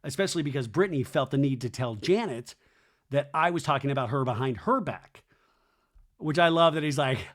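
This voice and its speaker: A man hosting a podcast, recapping reality TV in a gossipy, animated way. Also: medium pitch, a little fast. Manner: animated, gossipy, acts out the people he quotes. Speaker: podcast host.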